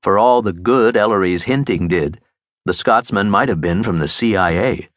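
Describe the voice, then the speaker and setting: A man narrating a mystery audiobook in a crisp, expressive storytelling manner. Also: on the low side, moderate pace, dry recording, studio quality. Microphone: close studio mic.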